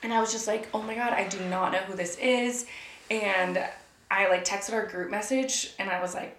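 A woman's voice: mid-range voice, steady tone, moderate pace, a bit bright, slight background noise. Young woman rambling about a night out, says like a lot, roomy echo around her. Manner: chatty, laughing, swearing, lots of "like". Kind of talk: casual chat.

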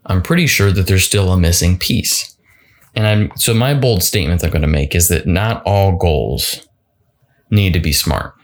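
A man's voice: deep voice, moderate pace. A man hosting a solo motivational podcast, talking casually and often restarting and repeating words. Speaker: podcast host.

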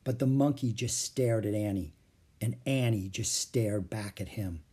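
A man reading a children's chapter book aloud as a storyteller, with expressive, animated delivery. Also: fairly low pitch, a little slow, husky.

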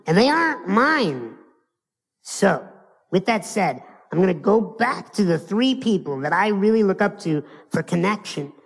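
A man's voice: sits high, in a large hall. An American man giving a live motivational keynote, telling stories playfully and speaking straight to his audience. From United States.

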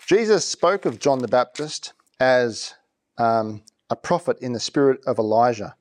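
A man's voice: medium pitch, measured pace. A male pastor giving a sermon in a conversational preaching manner, often repeating and restarting his phrases.

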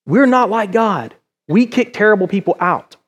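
A man's voice: high voice, expressive, moderate pace. A middle-aged male pastor preaching a conversational sermon in a church, full of rhetorical questions.

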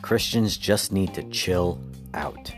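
A man's voice: low voice, takes it slowly, music in the background. A man hosting his own podcast, talking candidly and informally in a casual solo monologue. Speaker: podcast host.

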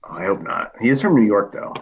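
A man in casual podcast chat, easygoing and quick to laugh. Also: lowish voice, very animated, gravelly, dull audio.

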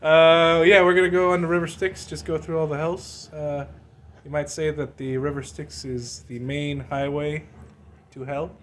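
A man's voice: on the high side, flat delivery, moderate pace, slight background noise. A young man co-hosting a casual podcast chat, easygoing, laughing often and swearing now and then. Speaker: podcast co-host.

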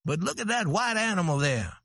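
A man voicing an old ranch owner who is shrewd and curious, in a slow read-aloud story. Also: high voice, big pitch swings, fairly bright tone, slightly rough, no room sound, clean studio sound, pitched above the performer's own voice, exaggerated voice.

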